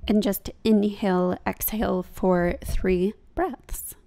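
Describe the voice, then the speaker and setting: A woman's voice: medium pitch, fairly even intonation, takes it slowly, vocal fry, mellow. A young woman talking casually over her own yoga practice as a vlogger, chatty and laughing at herself.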